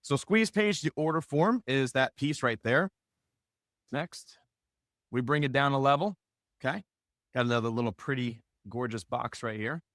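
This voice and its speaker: A man teaching a live marketing workshop, energetic and joking, swinging between loud and soft. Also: medium pitch, normal speed, long pauses, dry recording, clean studio sound. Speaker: marketing instructor. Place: room with a live audience.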